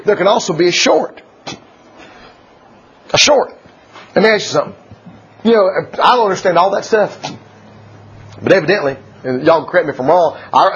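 A man preaching a folksy sermon, laughing often and swinging from loud declarations to hushed asides. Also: a little high, slightly rough. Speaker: pastor. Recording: dull lo-fi church recording.

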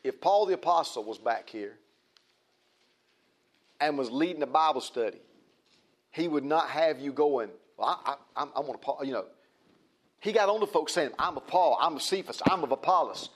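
A man's voice: a little high, animated, moderate pace, long pauses. A man preaching a sermon, emphatic and repetitive, often restarting his phrases.

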